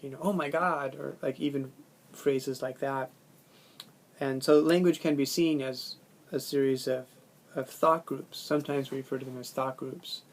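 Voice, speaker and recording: A man's voice: mid-range voice, a little mellow. A man teaching a language course, lecturing in a conversational way and explaining ideas with spoken examples. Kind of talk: recorded classroom lecture.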